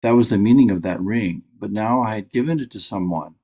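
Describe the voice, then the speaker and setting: Low-voiced man reading aloud. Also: brisk, dark tone, highs cut off. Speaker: professor and guest reader.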